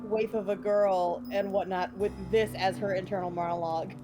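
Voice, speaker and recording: A woman's voice: mid-range voice, fairly even intonation, moderate pace, music in the background. A woman co-streaming a game, chatting casually with short, agreeing, giggly replies.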